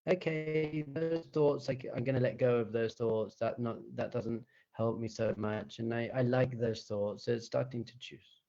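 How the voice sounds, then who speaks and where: A man teaching meditation as a rabbi, in an animated, conversational way. He chuckles often and poses rhetorical questions to his listeners in a mid-pitched voice. The recording is slightly dull and lo-fi. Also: unhurried.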